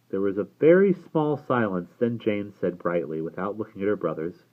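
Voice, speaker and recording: A man reading a novel aloud as a storyteller, with a lively, expressive delivery. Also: sits low, brisk, few pauses. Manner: lively storytelling reader who raises his voice for characters. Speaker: audiobook reader. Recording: tinny phone-like sound.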